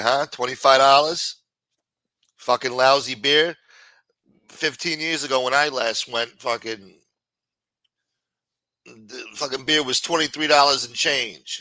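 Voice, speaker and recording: A man's voice: mid-range voice, pushed and bright, dry recording. A man hosting a live-stream show, chatting casually and reading out viewer comments in a profane, rambling way.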